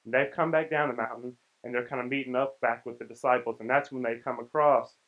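A young man preaches in a relaxed, conversational way and voices the people in the story as he goes. His voice sits at an ordinary mid pitch. The recording is muffled and lo-fi. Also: quick pace. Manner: conversational, acts out the characters' lines. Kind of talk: casual sermon.

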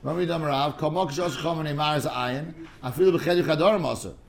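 A man's voice: a little high, brisk, creaky. Rambling man teaching a study class. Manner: rambling, digressive, stammers and repeats words; mixes English with Hebrew and Aramaic terms. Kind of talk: casual study-class lecture.

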